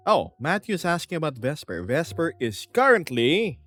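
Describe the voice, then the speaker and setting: A man's voice: fairly high pitch, big pitch swings, normal speed, a bit bright, soft background music. A man, streaming from home and reading viewer comments aloud in a playful, chuckling way. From Philippines.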